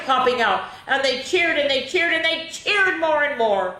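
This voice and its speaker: Slow, expressive woman reading to kids. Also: on the high side. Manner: expressive, sing-song, chatty asides. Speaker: children's storyteller. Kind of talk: reading a picture book aloud to kids. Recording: echoey room.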